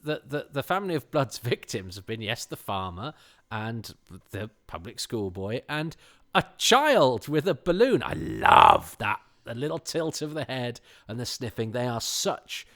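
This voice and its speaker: A man's voice: medium pitch, big pitch swings, moderate pace, a bit bright. A man guesting on a podcast, chatting casually and enthusiastically in a rambling way with chuckles. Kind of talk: casual chat.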